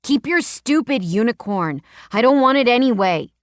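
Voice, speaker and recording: A woman doing a sulky young boy in an audiobook, pitched high, loud and snappish. He whines and stamps through every word with a child's petulance, in a dry close recording. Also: expressive, slow, no echo. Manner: whiny and snappish.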